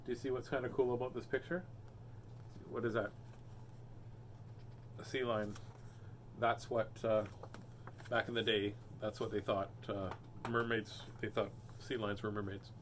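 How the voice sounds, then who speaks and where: A man hosting a storybook reading, animated and cracking puns between pages. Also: lowish voice, measured pace, long pauses, a little hiss or hum. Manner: animated, punning and joking. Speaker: host reading children's books. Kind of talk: storybook read-aloud with joking asides.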